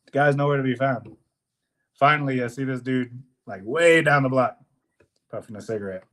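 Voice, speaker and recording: Profane, animated young male storyteller. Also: mid-range voice, moderate pace. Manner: animated, profane, swears often, acts out quotes. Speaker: podcast co-host. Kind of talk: casual storytelling.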